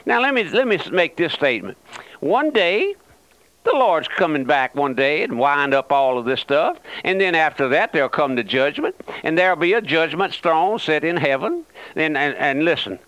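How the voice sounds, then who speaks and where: A man's voice: on the high side, sing-song, normal speed, fairly bright tone, dry recording, poor audio. An older man preaching a fervent radio sermon, repeating phrases and calling himself by a nickname.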